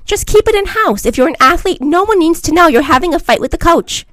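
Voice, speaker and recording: Blunt woman with a lively pitch. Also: a little fast, dry recording. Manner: emphatic, blunt, lecturing. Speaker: social media commentator. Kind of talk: opinionated vlog monologue.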